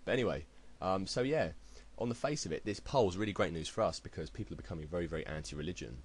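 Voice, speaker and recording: A man's voice: deep voice, quick pace, husky, rough recording. A British man delivering a heated, blunt opinion rant to camera, swearing freely. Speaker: video blogger. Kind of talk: ranting opinion commentary.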